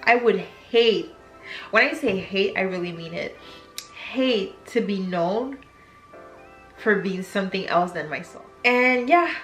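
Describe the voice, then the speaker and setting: Animated yet measured, the young YouTuber speaks in a mid-range, slightly bright voice with a French accent. Her confessional vlog is candid and sometimes shifts into French mid-sentence, recorded in an echoey room with faint background music.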